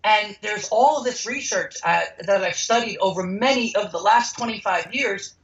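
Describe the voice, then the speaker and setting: A man being interviewed as the founder of a healing center tells animated stories, speaking emphatically and acting out the quoted dialogue of the people in them. His voice is high and a bit bright, at a moderate pace, though the audio is dull.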